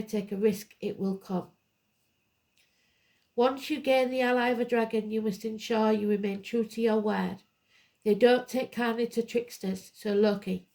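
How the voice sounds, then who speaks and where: A woman's voice: on the high side, vocal fry, a little mellow. A woman giving a live tarot card reading, blunt and emphatic, drifting into rambling asides. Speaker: tarot reader.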